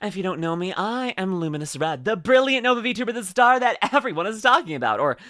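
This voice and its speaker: Bright bubbly Canadian woman streamer. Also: mid-range voice, big pitch swings, fast, no echo. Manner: bubbly and giggly, calls viewers darling and bud. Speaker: VTuber streamer. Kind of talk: casual livestream chat greeting viewers.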